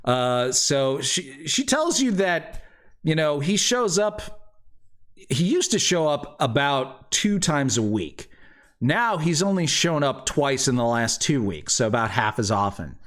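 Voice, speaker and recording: A male game master narrating a tabletop game in an easy, unhurried way. He hesitates often, and his voice rises and falls a lot as he lays out the scene. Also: a little high. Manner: relaxed, hesitant, with many fillers.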